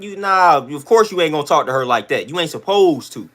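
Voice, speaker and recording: A man's voice: fairly high pitch, animated, fast talker, a bit bright. Blunt, slangy man ranting to his chat. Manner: emphatic, repetitive, slangy, blunt. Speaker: livestream host. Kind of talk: livestream rant to chat.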